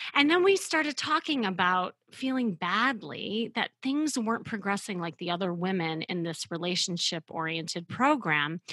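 Woman, middle-aged, podcast host, husky, dry close sound, animated and emphatic. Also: medium pitch, dry recording. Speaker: podcast host and dating coach. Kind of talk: storytelling podcast monologue.

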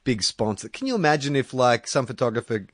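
A man's voice: mid-range voice, fairly quick, dry recording, studio quality. A man with an Australian accent co-hosting a casual sports chat, ranting with frequent swearing. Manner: swears freely, animated rants. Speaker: podcast co-host.

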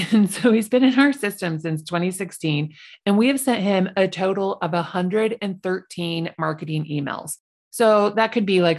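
A woman hosting a solo podcast, telling stories in a chatty, animated way with laughs. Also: sits low. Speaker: podcast host.

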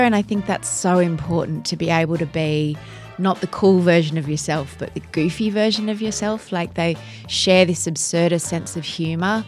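Low-voiced, emotional middle-aged woman. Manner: effusive, emotional, storytelling. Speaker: podcast co-host. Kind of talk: casual chat.

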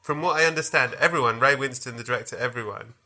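A man's voice: medium pitch, fast, sharp tone. A man hosting a podcast, chatting casually and animatedly with playful swearing. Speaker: podcast host. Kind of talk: casual comedic chat.

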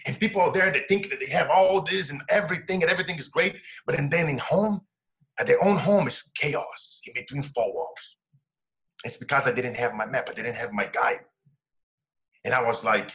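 A middle-aged man sharing a personal story as an interview guest, emotional and dropping to a hush for quoted words. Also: medium pitch, lively intonation, a little fast. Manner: emotional, drops to a hushed voice when quoting his wife.

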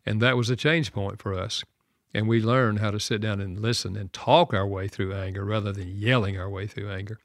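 Older man, low-pitched, earnest reflective guest on a talk show, dry close mic. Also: fairly even intonation, moderate pace, dry recording. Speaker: radio show guest author. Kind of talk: earnest personal storytelling.

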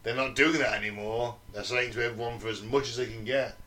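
A man's voice: medium pitch, fairly even intonation, fast, pushed and bright, distant mic. Man reading notes on a podcast. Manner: reads research aloud, jokey asides, swears. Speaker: podcast co-host. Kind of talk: reading notes in casual chat.

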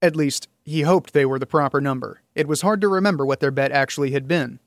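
A man's voice: fairly high pitch, fast talker, dry recording, studio quality. Man narrating an audiobook. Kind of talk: scripted narration.

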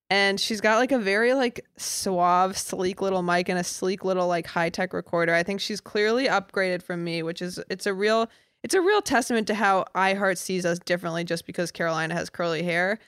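A young woman co-hosting a podcast from a home setup, in casual chat full of quick jokes and asides. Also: fairly low pitch, fairly bright tone, smooth, dry recording, clean studio sound. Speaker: podcast co-host.

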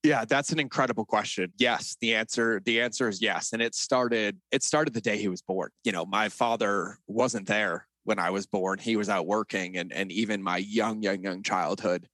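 A man's voice: fairly low pitch, steady tone, moderate pace, hardly any pauses, fairly bright tone, no room sound. A middle-aged man as a podcast guest, telling personal stories in an earnest, reflective way. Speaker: interview guest. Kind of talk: conversational interview.

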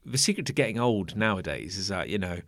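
A man's voice: deep voice, fast talker, creaky, no echo, clean studio sound. A man in his thirties, co-hosting a podcast in casual, wry chat. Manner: animated, wry, drops into mock voices. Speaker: podcast co-host.

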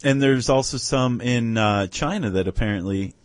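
A man's voice: medium pitch, normal speed, no room sound. A man co-hosting a podcast, explaining step by step in casual chat and often checking in with "right?". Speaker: podcast co-host.

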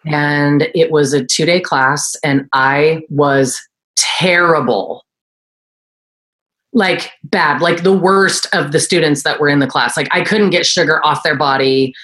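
A woman esthetician in her forties, telling her story in a casual interview and acting out quoted voices. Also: slow pace. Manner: animated, acts out quoted voices in a high pitch. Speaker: guest, esthetician and entrepreneur.

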